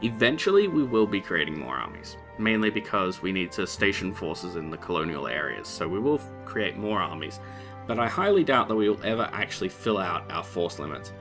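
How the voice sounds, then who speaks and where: Low, animated male let's-play host, sarcastic and rambling, light music underneath. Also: a little fast. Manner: wry, rambling, sarcastic asides. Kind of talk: casual gameplay commentary.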